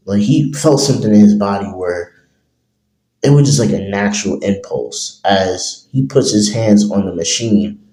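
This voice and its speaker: A man's voice: lowish voice, dark tone. A man improvising a fan story, rambling with many fillers. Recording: roomy echo.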